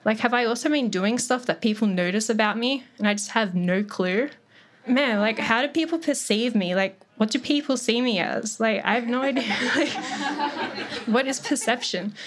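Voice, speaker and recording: This is loose, casual stand-up storytelling: a young woman rambles through a comic tale on stage, swearing, saying "like" constantly, and laughing at herself. Her voice is a little high and her pace moderate, while audience laughter fills the live recording.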